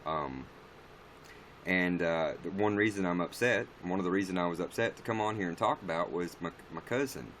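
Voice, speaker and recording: Man, deep low voice, casual livestream chat, blunt, rambling, swears a lot, faint background noise. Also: moderate pace, a bit bright. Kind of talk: casual livestream chat, answering viewer comments.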